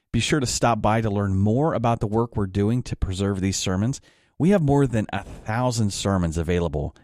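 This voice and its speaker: Male announcer, friendly scripted promo with a wry touch, low voice, dry booth sound. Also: a little mellow, no room sound. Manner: friendly, lightly joking read. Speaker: program announcer.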